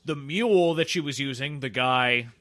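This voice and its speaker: A man's voice: medium pitch, normal speed, fairly bright tone. A man co-hosting a casual podcast, rambling and joking as he recaps a TV show. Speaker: podcast co-host. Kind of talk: casual chat about a TV show.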